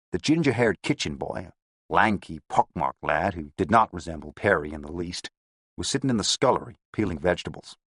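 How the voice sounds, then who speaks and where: Low, husky male audiobook narrator. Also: no room sound, studio quality. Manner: steady, descriptive first-person reading.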